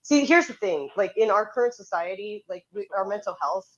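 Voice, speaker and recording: A woman's voice: mid-range voice, expressive, a little fast, highs cut off. A woman co-hosting a podcast, rambling and stammering as she argues and asks questions. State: cold. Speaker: podcast co-host. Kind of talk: casual debate chat.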